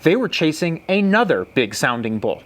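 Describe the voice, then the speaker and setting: A young man telling a hunting story in a casual chat, excitable, laughing often and acting out animal calls. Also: on the high side, moderate pace.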